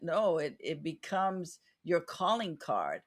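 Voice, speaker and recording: A woman's voice: low voice, animated, slow pace. A woman hosting a podcast interview, talking in an earnest, reflective way with frequent restarts. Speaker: podcast host. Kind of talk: casual interview chat.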